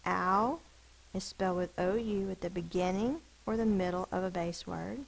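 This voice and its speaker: A woman teacher giving a phonics spelling lesson, sounding out words slowly and deliberately over a screen recording. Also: fairly low pitch, vocal fry, low-quality recording.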